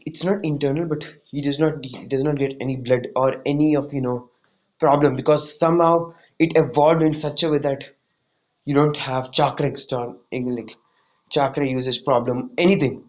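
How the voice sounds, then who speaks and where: A man's voice: medium pitch, steady tone, moderate pace, a little mellow, dull audio. A man casually retelling a fan-made story, rambling with many "like"s and "you know"s.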